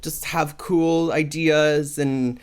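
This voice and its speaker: A young man hosts a casual solo podcast, speaking extremely slowly in a slightly high, steady voice that's clear and resonant. He's chatty and rambling, with lots of "like" and "um".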